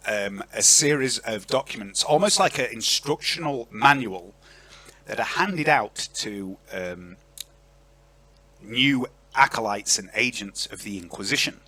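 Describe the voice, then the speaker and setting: Male game master, animated, bright, chatty, online call. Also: mid-range voice, dry recording. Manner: lively, chatty, filler-heavy. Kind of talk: narrating a tabletop game.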